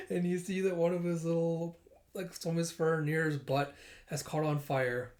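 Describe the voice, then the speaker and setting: A manga reader narrating a comic chapter casually, animated and giggly, reading out sound effects. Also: mid-range voice, moderate pace. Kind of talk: casual comic read-through.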